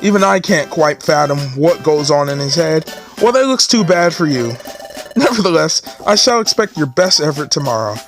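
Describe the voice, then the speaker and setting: Man doing a fussy bird assistant, pompous, officious, lecturing, raised pitch. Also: animated, moderate pace, soft background music.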